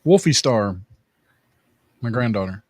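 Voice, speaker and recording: An older man co-hosting a casual live-stream chat, reading viewer comments aloud in a halting way, full of fillers and restarts. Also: mid-range voice, lively intonation, darkish tone, no echo, studio quality.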